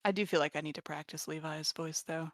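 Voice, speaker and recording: Eager, low-pitched woman player chatting. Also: fairly even intonation, dry recording, clean studio sound. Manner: eager, quick to laugh. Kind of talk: casual chat.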